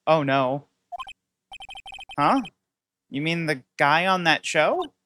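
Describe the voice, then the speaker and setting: A woman voicing a weary young male defense attorney, reading game dialogue aloud in a flat, deadpan, unimpressed way. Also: deep voice, slow, slight background noise, voice pushed down, heavily acted.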